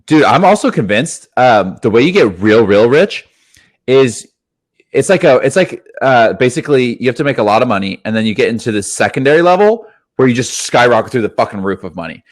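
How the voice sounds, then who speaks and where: A young man co-hosting a casual podcast, riffing with a lot of excitement. He swears freely and keeps throwing in "dude". His voice sits at an ordinary middle pitch. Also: fairly quick. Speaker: podcast co-host.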